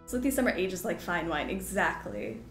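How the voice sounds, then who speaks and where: A young adult woman chatting casually on a game stream, rambling, giggling and poking fun at herself. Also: lowish voice. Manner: rambling, giggly, self-deprecating. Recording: roomy sound with game music. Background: game music.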